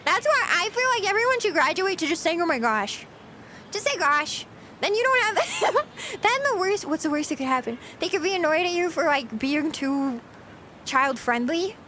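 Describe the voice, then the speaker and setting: Giggly, very high-voiced young woman streamer. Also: sing-song, normal speed, sharp tone, a little hiss or hum. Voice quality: giggly, rambling. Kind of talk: casual chat with stream viewers.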